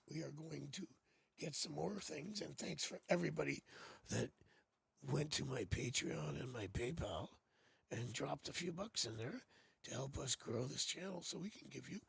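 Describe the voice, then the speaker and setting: A man's voice: fairly high pitch, creaky, fairly bright tone, breathy edge, dry recording. A man hosting a live tarot reading, talking casually and rambling, joking as he goes, on a new studio microphone. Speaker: psychic tarot reader hosting a live stream.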